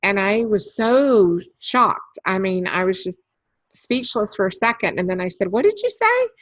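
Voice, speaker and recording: A woman's voice: mid-range voice, measured pace, a bit bright, dry recording. Chatty woman presenting a webinar. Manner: chatty and anecdotal, with frequent ums. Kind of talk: conversational webinar talk.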